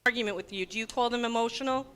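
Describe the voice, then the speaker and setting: Woman in a heated debate, insistent, rapid and bright-toned. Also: fairly high pitch, smooth. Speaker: guest in a heated debate on a stream. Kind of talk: heated argument.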